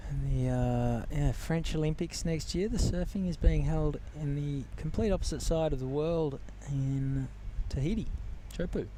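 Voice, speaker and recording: Surf commentary guy, fairly high but mellow voice, jokey, bit of noise. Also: moderate pace, hardly any pauses. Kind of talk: live sports commentary.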